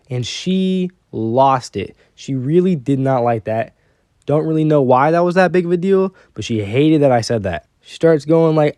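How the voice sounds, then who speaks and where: A young man casually telling a personal story, animated and quoting the people in it. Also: on the high side, moderate pace, no echo, studio quality.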